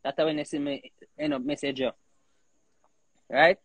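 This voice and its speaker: A man with a Jamaican accent talking in patois in a rambling, animated casual chat, leaning on "you know" again and again. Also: fairly high pitch, measured pace, dry recording.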